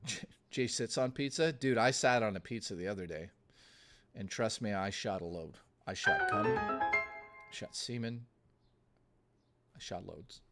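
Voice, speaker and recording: A man's voice: lowish voice, a little slow, long pauses, over music. A man streaming live, chatting casually with his viewers in a blustery, profane rant. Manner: profane, blustery ranting to chat.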